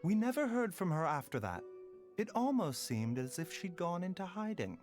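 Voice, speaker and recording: A man voicing a soft-spoken adult male doctor in a game, speaking in a measured, courteous, slightly formal way. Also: high voice, sing-song, faint music behind. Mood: serious. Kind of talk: game character dialogue.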